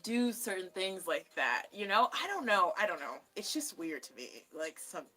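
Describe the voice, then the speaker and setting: A young woman with a bright, clear tone talks loosely into a desk mic, full of fillers and quick laughs. Her chat rambles in an easy, unscripted vlog way. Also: medium pitch, very animated. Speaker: YouTuber reading a book aloud.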